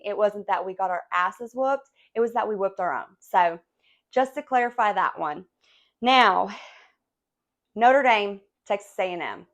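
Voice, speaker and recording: Woman, sports vlogger. Casual reaction rant, blunt and opinionated, swears freely, animated and emphatic, talks to viewers as y'all. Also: mid-range voice. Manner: animated and emphatic, with sighs and laughs.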